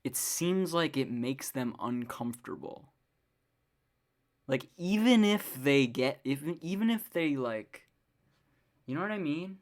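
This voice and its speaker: A woman's voice: sits low, expressive, unhurried, pauses often, darkish tone. Rambling, swearing woman podcaster. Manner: rambling, many fillers and frequent swearing; exasperated ranting. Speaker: podcast host. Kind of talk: casual solo podcast monologue.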